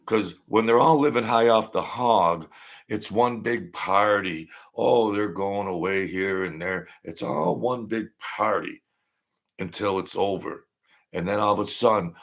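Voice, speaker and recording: A deep, gravelly middle-aged man, talking bluntly on a casual livestream. He rambles and circles back, repeating the same line a few times over. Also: unhurried. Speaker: livestream host.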